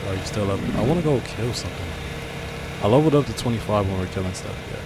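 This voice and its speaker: A man streaming a game live, chatting with viewers and other players, swearing often and yelling and laughing when he gets attacked. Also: fairly low pitch, animated, racing, heavy background noise. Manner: talks to chat and other players. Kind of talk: live gameplay streaming chat.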